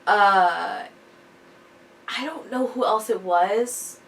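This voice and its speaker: A woman's voice: mid-range voice, extremely slow, fairly bright tone. A young woman chatting casually and telling a story to a friend. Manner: chatty, reacts with short "yeah"s. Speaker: podcast co-host. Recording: distant mic, faint hiss.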